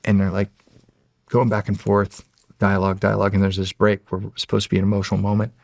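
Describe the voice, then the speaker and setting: Low gravelly-voiced man telling stories. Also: monotone, fast talker, dry recording. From United States. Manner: rambling and emotional, with many restarts. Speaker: podcast guest. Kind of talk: casual storytelling.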